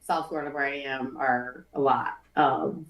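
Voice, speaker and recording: A woman co-hosting a podcast in casual chat, bantering playfully and getting animated. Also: rumbling low, normal speed, low-quality recording. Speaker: podcast co-host.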